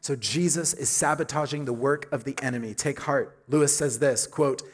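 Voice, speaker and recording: A middle-aged man preaching a sermon with emphatic delivery, repeating key phrases and building to loud high peaks. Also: moderate pace. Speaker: pastor.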